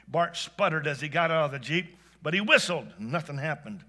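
A man narrating a story with a bright, sharp, fairly high voice. He is animated, dropping to a hush and then surging with excitement. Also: moderate pace, few pauses. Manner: animated, swings between hushed and excited. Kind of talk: expressive spoken storytelling.

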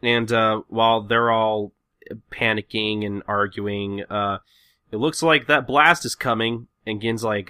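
Bright-voiced man casually recapping. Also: on the low side, unhurried, smooth, no echo, clean studio sound. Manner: relaxed, filler-heavy retelling. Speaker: podcast host. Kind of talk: casual chat recapping a comic.

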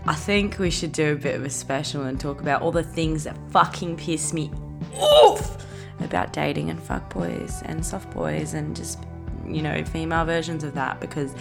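Giggly, lively Australian woman. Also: low voice, measured pace, creaky, faint music behind. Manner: giggly, rambling, swears freely. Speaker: podcast host. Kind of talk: casual chat podcast monologue.

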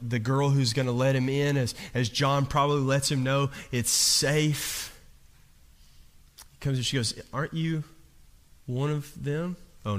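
Dramatic preaching man in a big hall. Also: medium pitch. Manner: dramatic storytelling, swinging between hushed and loud. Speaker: pastor. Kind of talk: sermon. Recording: long hall reverb.

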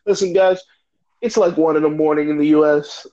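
An American man hosts a loose, joking chat about video games. His voice sits a bit high for a man and carries an upbeat, teasing energy despite the late hour. The audio is dull and lo-fi. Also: steady tone, a little fast, warm tone. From United States. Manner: joking, hyped, tired late-night banter. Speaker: podcast host. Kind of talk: casual gaming chat.

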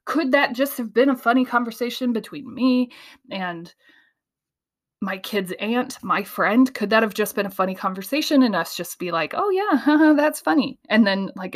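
A woman hosting a casual monologue, telling an animated story, laughing often, her ideas tumbling out quickly. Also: medium pitch. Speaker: host.

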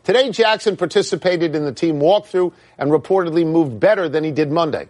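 Animated older man in sports debate. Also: fairly high pitch, a little fast. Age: 70s. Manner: animated, interjecting, repeats words for emphasis. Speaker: sports talk show co-host.

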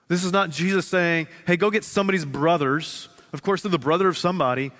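A man in his thirties preaching a sermon to his congregation, earnest, repeating phrases slowly for emphasis and dropping from loud to hushed. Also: a little high. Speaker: pastor. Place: large church sanctuary. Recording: long reverb of a large hall.

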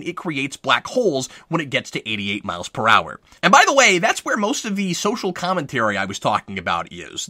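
Male film reviewer, sarcastic and scripted, bright voice with a lively, swinging pitch. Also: no room sound, studio quality. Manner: wry, sarcastic. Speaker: movie reviewer.

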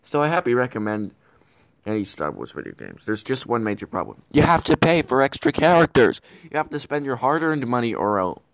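Medium-pitched, creaky and a bit bright, a man speaks briskly and very animatedly. In his comedic web show he hosts as a scheming, bumbling villain, rambling along and tripping over himself with constant self-corrections.

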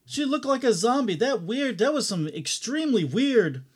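A man with a high-pitched voice talks fights on a casual podcast. He rants heatedly and swears freely as he argues his point. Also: big pitch swings, moderate pace, husky. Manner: profane, heated ranting. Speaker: podcast co-host. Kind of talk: casual fight-talk chat.

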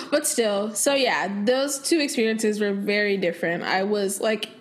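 A woman's voice: medium pitch, unhurried. A young American woman hosting a podcast, talking in a rambling, casual way and laughing often. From United States. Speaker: podcast host. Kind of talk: casual chat.

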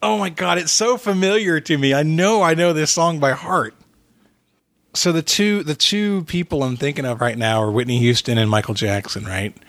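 A young man playing a casual trivia game on a podcast, excitable and thinking out loud, groaning when he is stuck. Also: a little high, normal speed, no room sound. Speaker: quiz contestant and co-host.

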